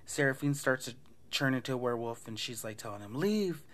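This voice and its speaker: A man's voice: medium pitch, steady tone, fast talker, a bit bright. A man hosting a casual podcast, retelling a movie plot in a loose, profane way and acting out the lines. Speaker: podcast host recapping a film.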